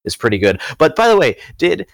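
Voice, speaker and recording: A man's voice: fairly high pitch, big pitch swings, a little fast, gravelly, no echo. A man co-hosting a casual podcast chat, rambling a little and correcting himself as he goes. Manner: rambling, self-correcting, laughs often. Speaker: podcast co-host.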